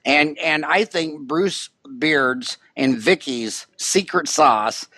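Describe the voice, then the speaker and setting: Brief: male podcast host, high voice, blunt joker, dry close sound. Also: animated, slow pace, pushed and bright, no echo. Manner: rambling, joking, blunt. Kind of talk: casual interview chat. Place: Scottsdale.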